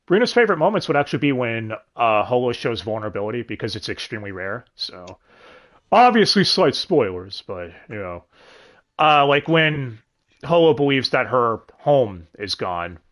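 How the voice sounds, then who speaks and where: A man's voice: on the low side, a bit bright. A man co-hosting a casual podcast, talking animatedly about an anime dub, swearing freely and laughing often. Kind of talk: casual chat.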